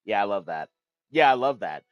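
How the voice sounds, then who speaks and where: A male streamer talks straight to his chat, hyped and swearing freely, his pitch leaping up and crashing down as he riffs. The sound is close and dry with no room around it. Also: fairly quick, no echo. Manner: animated, hyped and profane, talking to chat. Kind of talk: casual card-game commentary.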